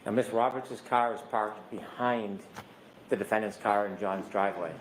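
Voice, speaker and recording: A man acting as prosecutor in a courtroom, asking measured, methodical questions. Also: fairly low pitch, steady tone, slight background noise, rough recording.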